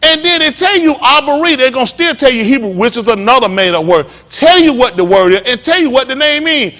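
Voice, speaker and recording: A male pastor delivers a fiery sermon with a high voice that leaps all over the place. He talks bluntly and mockingly, swearing as he goes. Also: expressive, brisk, bright, forceful tone. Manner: heated preaching.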